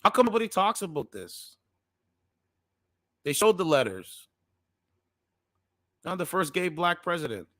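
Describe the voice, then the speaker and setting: A man's voice: high-pitched, big pitch swings, measured pace, long pauses, fairly bright tone, no room sound. A man hosting a casual commentary channel, reading news articles aloud with slangy asides, stumbling over words and repeating defensive disclaimers.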